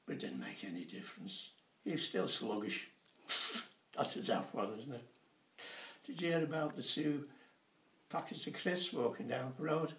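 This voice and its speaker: Older comic in his sixties, lively and chatty, lots of swing in the pitch, recorded from a distance in a roomy space. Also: slight background noise. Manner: chatty, animated, acting out voices in his jokes. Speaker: stand-up comedian. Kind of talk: stand-up comedy storytelling. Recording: roomy sound from a distant mic.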